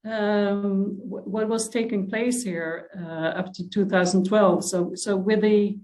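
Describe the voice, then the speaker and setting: A woman with a Dutch accent speaking as a panelist over a remote video call, soft-spoken and hesitant with many fillers. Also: medium pitch, steady tone, a little slow, poor audio. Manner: soft-spoken, drops her voice. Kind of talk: panel discussion.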